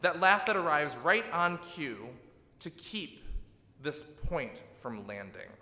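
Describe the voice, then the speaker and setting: A man delivers a sermon with a bright, ringing voice. He sounds reflective and gently emphatic, and often asks "right?" to draw listeners in. The room around him is echoey, with a long reverb tail. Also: fairly high pitch, very animated, slow, slight background noise. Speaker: pastor. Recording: echoey hall.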